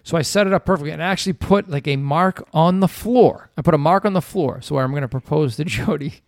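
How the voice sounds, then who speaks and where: A man in his thirties co-hosting a podcast, telling a family story in a rambling way, repeating himself and dropping to a hush for secret moments. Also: a little high, fast, no echo, studio quality. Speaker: podcast co-host. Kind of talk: casual storytelling chat.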